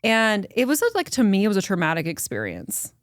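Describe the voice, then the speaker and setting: A woman's voice: medium pitch, brisk, no echo, studio quality. Chatty young woman telling a story. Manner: animated storytelling with many fillers. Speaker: podcast host. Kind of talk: casual conversation.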